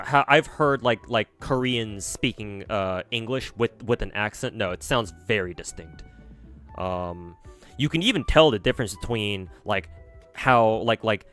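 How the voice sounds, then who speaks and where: American guy streaming, kinda low voice, rambly and hesitant, swears a bit, soft music behind. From United States. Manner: rambling and hesitant, restarts sentences, swears casually. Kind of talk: casual livestream chat answering viewers.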